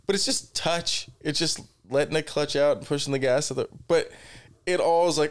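A man's voice: fairly high pitch, normal speed, smooth, no echo. A man co-hosting a casual podcast chat, telling rambling, profane stories and laughing often. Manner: laughing storyteller, swears a lot. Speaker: podcast co-host.

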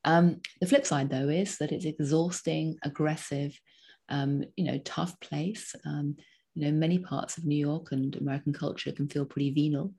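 A woman in her fifties speaks in a low, slightly husky voice. She talks as an interview guest, stringing short phrases together with frequent ums and an animated push. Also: normal speed. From Britain. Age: 50s. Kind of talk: conversational interview.

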